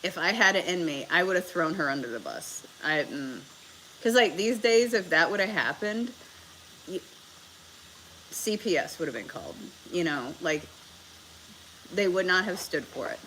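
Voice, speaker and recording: Low-voiced woman, chatty and profane. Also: expressive, moderate pace, pauses often, a bit bright, a little hiss or hum, low-quality recording. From Southern United States. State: sick with a bug. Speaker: livestream host. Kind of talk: casual storytelling on a livestream.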